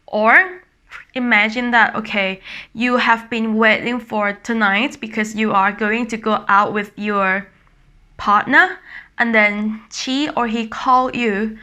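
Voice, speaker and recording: A young woman with a Thai accent, teaching a language lesson and slowly repeating each example word several times to demonstrate it. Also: a little high, steady tone, sharp tone.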